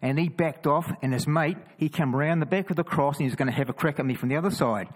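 A man with a New Zealand accent, casually telling stories of walking the roads with a cross, full of quick restarts and chatty asides. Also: a little high, poor audio. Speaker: cross-carrying Christian walker. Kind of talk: casual storytelling testimony.

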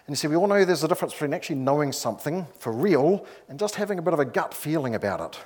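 A man's voice: fairly high pitch, lively intonation, fast talker, few pauses, darkish tone. A man delivering a sermon in a church, speaking plainly and conversationally. He builds his points with repeated phrases and drops into storytelling with ease. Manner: conversational, with storytelling asides and emphatic repetition. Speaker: preacher.

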